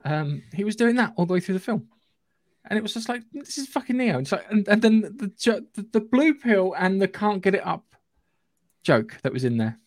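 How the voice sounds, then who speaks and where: A man from Surrey with a southern English accent, co-hosting a casual podcast chat about films, animated, sweary and acting out scenes. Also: high voice, normal speed, no echo, studio quality. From England, Surrey area. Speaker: podcast co-host.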